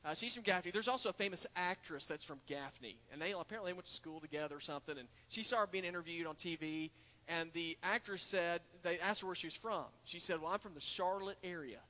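A man's voice: high-pitched, fast talker, pushed and bright. A male pastor preaching an earnest sermon in a church, building to emphatic points. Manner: earnest preaching, frequent uh fillers and restarts, rises to emphatic points. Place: church sanctuary. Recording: long hall reverb in a church.

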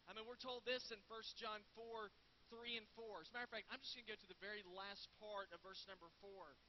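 High-voiced preacher, lo-fi hiss. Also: male voice, fairly even intonation, fairly quick. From United States. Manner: earnest, conversational preaching with repeated words. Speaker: pastor. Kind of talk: sermon. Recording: dull lo-fi with faint hiss.

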